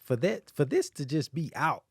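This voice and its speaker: Gravelly man, lively casual storyteller. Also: fairly high pitch, no room sound, studio quality. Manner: animated storyteller, drawn-out "man". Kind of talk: casual chat.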